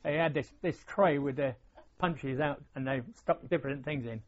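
An older man with a slightly high voice recalls his military service at a normal pace in a rambling oral-history interview. He meanders, full of fillers and restarts, on a dull lo-fi recording.

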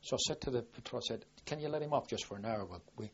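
Racing along in a mid-range voice, an older navy veteran recounts his service in a rambling oral history, full of restarts and quoted exchanges that make him lively. The recording has its highs cut off and a little hiss or hum.

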